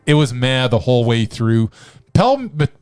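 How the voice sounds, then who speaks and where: A man's voice: mid-range voice, big pitch swings, measured pace, a little mellow, clear, resonant tone. Enthusiastic man reviewing films. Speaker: podcast co-host, film reviewer. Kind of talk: casual chat.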